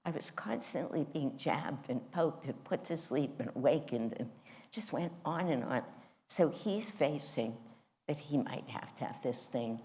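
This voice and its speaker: A woman's voice: deep voice, creaky, darkish tone. A woman teaching a spiritual class, telling a personal story in a candid, self-mocking way.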